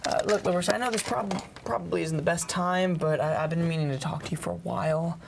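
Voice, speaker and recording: A man's voice: a little high, steady tone, fast, gravelly, background noise. A man in a scripted comedy sketch who stammers and restarts, flustered and awkward. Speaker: comedy show cast member.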